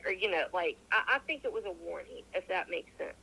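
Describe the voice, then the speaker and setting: A woman's voice: fairly low pitch, brisk, vocal fry, breathy edge, poor audio. A woman guest in an interview, telling a personal story casually, acting out the voices of the people she quotes, with many restarts. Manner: animated, acts out quoted dialogue, frequent restarts.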